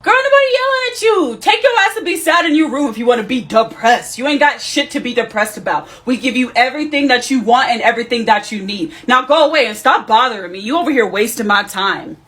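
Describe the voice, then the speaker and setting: A woman playing a shouting, scornful mother. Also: a little high, lively intonation, fast, hardly any pauses, voice pushed up. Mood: yelling, scolding. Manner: yelling, scolding. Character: angry shouting mother, harsh and dismissive.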